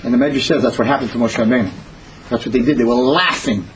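A man in his fifties giving an animated Torah class, swinging between loud exclamations and hushed pleading. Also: mid-range voice, fast talker, slight background noise, low-quality recording. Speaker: Torah teacher.

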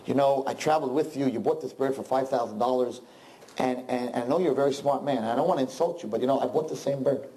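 A man's voice: mid-range voice, quick pace, dark tone, close to an everyday voice, low-quality recording. A man voicing a naive, earnest peasant who stammers, in a told folk joke. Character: naive excited middle-aged peasant man.

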